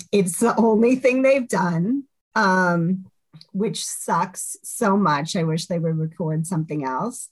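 A woman's voice: lowish voice, slow. A woman, a hardcore band singer, chatting casually as a podcast guest, laughing often and saying "like" a lot.

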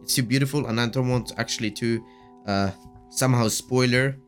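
A man hosts a casual solo podcast, speaking a little fast in a medium pitch with fairly even intonation over soft background music. He gushes and rambles with many fillers, and his voice keeps cracking.

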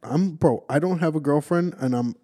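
Brief: male podcast guest, raspy voice, rowdy casual banter. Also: fairly high pitch, moderate pace. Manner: loud, excitable, crude banter. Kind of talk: casual chat.

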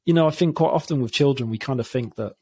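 A man's voice: medium pitch, dark tone, breathy edge, dry recording, studio quality. A man, talking openly and reflectively as an interview guest, often restarting his sentences. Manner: open, reflective, halting with many restarts. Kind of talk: candid interview talk.

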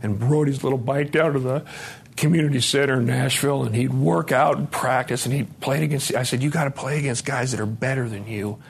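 A man's voice: mid-range voice, steady tone, brisk, vocal fry, slightly rough. A middle-aged man from Montana giving a candid personal testimony at a recovery conference, blunt and profane, acting out the dialogue as he tells it. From Montana, USA.

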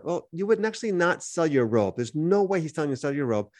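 A man's voice: fairly high pitch, fast talker, few pauses, no room sound, studio quality. A man co-hosting a podcast who reads Bible verses aloud and explains them in a conversational teaching style. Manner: animated, reads scripture aloud then explains it.

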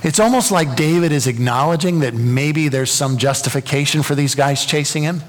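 A man preaching in a church sanctuary, his somewhat high voice ringing with a long hall reverb. He talks earnestly, then climbs into fervent emphasis, stumbling over repeated words as he drives each point home. It sounds like a live sermon delivered to a congregation. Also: moderate pace. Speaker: pastor.

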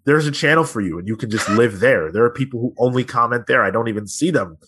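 A man's voice: medium pitch, fast, fairly bright tone, breathy edge. A man hosting a podcast, chatting casually and running through the show's plugs with plenty of fillers. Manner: rambling, filler-heavy, conversational. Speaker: podcast host.

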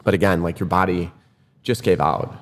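A man's voice: sits low, moderate pace. A man casually retelling a race to a friend, acting out what people said. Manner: animated retelling, acts out quoted lines. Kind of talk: casual storytelling chat. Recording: room with long reverb.

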